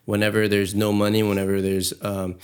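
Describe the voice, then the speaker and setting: A man's voice: on the low side, completely flat delivery, fairly quick, smooth. A young man co-hosting a podcast in casual chat, talking earnestly and at length, and acting out quoted lines in a raised voice. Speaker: podcast co-host.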